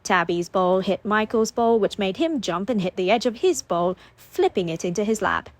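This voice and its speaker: A woman narrates an audiobook in a steady, expressive storytelling voice. Her pitch sits in the middle range, neither high nor low. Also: moderate pace.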